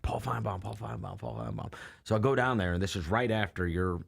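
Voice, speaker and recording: A man's voice: on the low side, quick pace, gravelly, husky. A man in sports radio, chatting in studio and laughing his way through a story. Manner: laughs through his stories, quotes others flatly. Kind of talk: casual studio chat.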